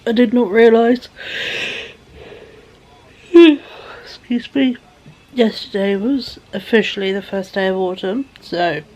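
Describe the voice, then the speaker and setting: A tired woman vlogging from home in a rambling, soft way that often drops to a whisper. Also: mid-range voice. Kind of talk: casual chat to camera.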